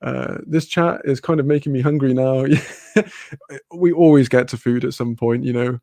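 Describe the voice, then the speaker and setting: A man's voice: mid-range voice, measured pace, creaky, darkish tone, no room sound. A man with a British accent chatting casually on a live stream, reading comments aloud, rambling, laughing often and swearing freely.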